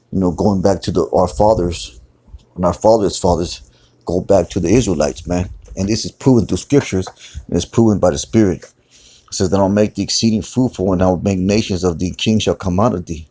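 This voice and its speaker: A man's voice: sits low, warm tone. A man teaching scripture in a loose, conversational way, repeating words and often saying "man". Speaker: preacher. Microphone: phone screen recording.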